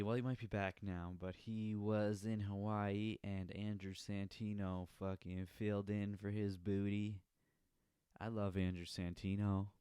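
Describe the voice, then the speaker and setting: With clean studio sound and no echo, this clip captures a young man loosely chatting on his own podcast, full of swearing and laughter at his own humor. His voice sits on the low side, smooth with a darkish tone.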